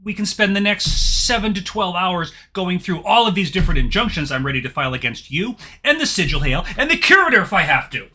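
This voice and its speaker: Blustering fantasy lawyer, loud and high-pitched, pushy and theatrical, voiced by a man. Bright, sharp tone. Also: very animated, quick pace, hardly any pauses, heavily acted. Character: brash pushy male lawyer, bombastic.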